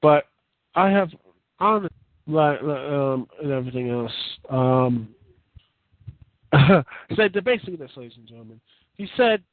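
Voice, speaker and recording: A man's voice: a little high, expressive, a little slow, long pauses, dry recording. A man giving a casual, rambling rant as a wrestling reviewer, incredulous and full of restarts. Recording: tinny phone-like sound.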